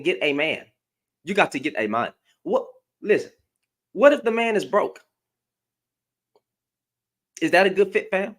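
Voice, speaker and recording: Blunt, heated woman streamer. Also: deep voice. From United States. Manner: blunt, heated, repeats phrases. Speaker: livestream host. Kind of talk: live reaction commentary.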